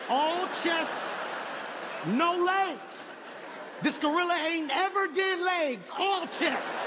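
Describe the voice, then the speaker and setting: A man doing stand-up comedy, telling a profane story in an animated, shouting manner. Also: extremely high pitch, noisy background. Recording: live show with audience ambience.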